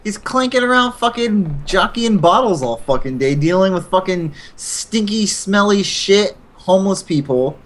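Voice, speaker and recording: A man's voice: sits high, expressive, measured pace, few pauses, a bit bright. A man on a podcast ranting in a mocking, profane way during casual chat. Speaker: podcast co-host.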